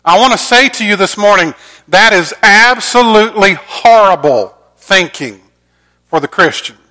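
A middle-aged pastor preaching a sermon earnestly, moving between loud emphasis and soft, quiet lines. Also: male voice, high voice, expressive, a little slow.

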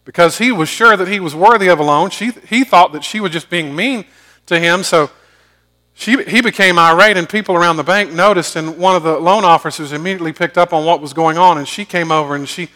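A man preaching a sermon, telling stories and swinging from loud emphatic bursts to hushed low asides. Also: brisk. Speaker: pastor.

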